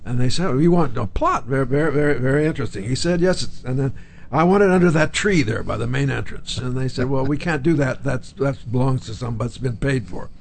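Older man with a gravelly voice telling stories. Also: medium pitch, fast talker. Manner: acts out quoted voices while telling stories, chuckles. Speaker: interview guest, actor. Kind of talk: anecdotal storytelling.

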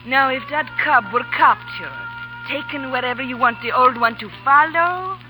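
A woman's voice: high voice, normal speed, over music, lightly acted, rough recording. An actress playing a seductive, calculating Russian woman spy, in 1940s radio acting style. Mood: scheming.

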